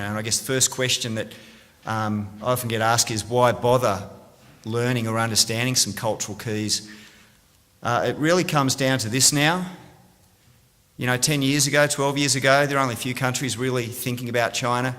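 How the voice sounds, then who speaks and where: Aussie guy giving a lively conference talk, mid pitch, big reverby room. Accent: Australian. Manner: upbeat, engages audience with questions. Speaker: conference speaker. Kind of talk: conference presentation. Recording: reverberant hall.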